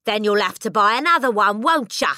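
A woman's voice: fairly low pitch, animated, slow, husky, dry recording, studio quality, heavily acted. A woman voicing a bad-tempered, bullying middle-aged father who snaps, barks and sneers. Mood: mocking. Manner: snapping, barking, sneering.

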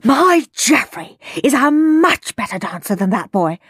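A woman voicing a proud, boastful mother who shouts in a storybook reading. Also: on the low side, fairly even intonation, normal speed, breathy edge, no echo, studio quality.

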